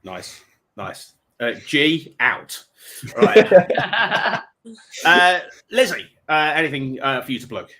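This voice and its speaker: A man's voice: a little high, sing-song, slow, long pauses, a crowd in the background. A man hosting a charity livestream, telling a long prank story with chuckles and rambling asides. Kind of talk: casual chat, telling an anecdote.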